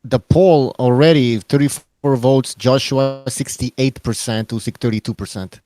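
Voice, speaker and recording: A man's voice: mid-range voice, steady tone, a little slow, dark tone. A man co-hosting a casual podcast, reasoning aloud and often repeating words as he goes. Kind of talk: casual boxing podcast chat.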